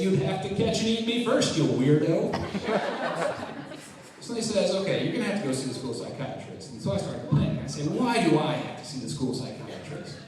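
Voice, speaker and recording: A man performing a stand-up comedy routine, telling stories with quick deadpan punchlines. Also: fairly high pitch. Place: talent show stage in a hall. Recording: echoey hall from far off, audience laughter. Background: audience laughing.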